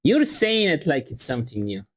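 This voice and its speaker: A man streaming and chatting casually, teasing his friends in a halting way. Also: a little high, big pitch swings. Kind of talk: casual chat on a live stream.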